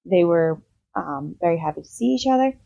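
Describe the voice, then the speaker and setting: A woman's voice: lowish voice, a little fast, gravelly, dry recording, lo-fi sound. Chatty woman reviewing a book. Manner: rambling, full of "um" and "like", animated retelling. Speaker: book review podcast host. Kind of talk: casual book review chat.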